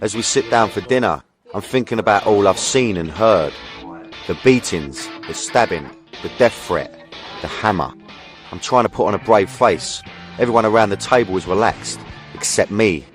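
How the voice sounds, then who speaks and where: Brief: male voice-over, lowish pitch, dramatic first-person narration over music. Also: expressive, moderate pace.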